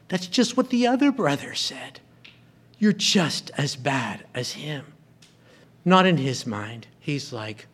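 Slow husky male preacher. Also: on the high side, big pitch swings. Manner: storytelling, acting out the characters' lines. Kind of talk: sermon.

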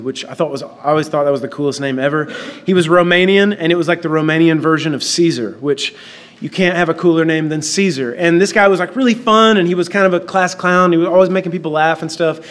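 A man preaching a sermon, praying softly and slowly, then telling a story with lively acted-out dialogue. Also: sits high. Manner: animated storyteller, acts out dialogue; soft and slow in prayer. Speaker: pastor.

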